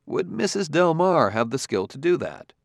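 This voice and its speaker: A man's voice: a little high, very animated, moderate pace, creaky, dry recording, voice pushed up. A man voicing a blunt, insistent detective. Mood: accusing. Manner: insistent, cross-examining. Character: dogged male Earth detective, blunt and pressing.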